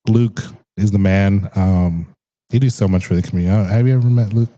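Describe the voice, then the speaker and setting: A man's voice: low-pitched, brisk, warm tone, muffled recording. A young man hosting a casual interview, chatty and rambling, laughing often. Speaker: podcast host.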